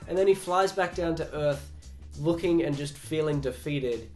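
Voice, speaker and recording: A man's voice: fairly high pitch, normal speed, a little mellow, faint music behind. A young man recapping a comic book casually, chatty and sarcastic, acting out the characters' lines.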